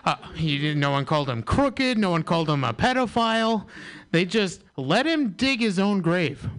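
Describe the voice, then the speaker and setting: A man performing a stand-up comedy set with a dry, deliberate delivery. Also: high-pitched, sing-song, fairly bright tone, clear, resonant tone.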